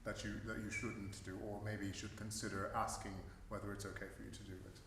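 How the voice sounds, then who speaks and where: A man's voice: lowish voice, little pitch movement, fast talker, a bit bright. A man, a vocal tutor, chatting through questions at a research forum, with many fillers and easy laughter. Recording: echoey hall, distant mic, faint hiss.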